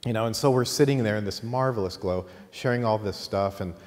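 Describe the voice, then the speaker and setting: A man's voice: lowish voice, a little fast. Man telling a story in a reverberant hall. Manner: lively anecdotal storyteller, laughing at his own tale. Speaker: course teacher. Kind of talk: storytelling in a lecture. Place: college teaching room. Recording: long hall reverb, faint noise.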